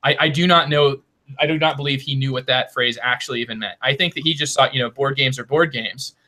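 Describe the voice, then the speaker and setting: In a medium-pitched, sharp voice at a quick pace, a young podcast co-host rambles through a long story on a casual board game show. He restarts often and wanders into asides.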